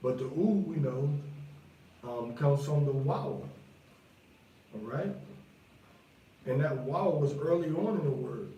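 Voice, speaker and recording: A man's voice: medium pitch, expressive, slow, long pauses, highs cut off. A man, teaching from the Bible in a loose, conversational way, with lots of fillers and repeats. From New York. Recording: very echoey room, voice from far off.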